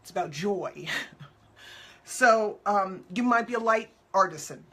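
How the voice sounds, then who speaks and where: A woman's voice: medium pitch, expressive, a little slow, pushed and bright. A woman hosting a show as an animal communicator, chatting casually and upbeat with viewers, answering their questions in loose, repetitive phrasing and acting out quotes playfully.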